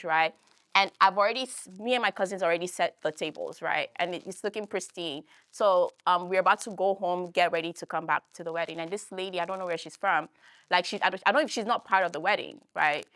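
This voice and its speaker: A young woman with a Philadelphia accent telling a personal story in a talk, animated and full of fillers, acting out the voices she quotes. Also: on the low side, a little fast, dry recording. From United States. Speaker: guest speaker.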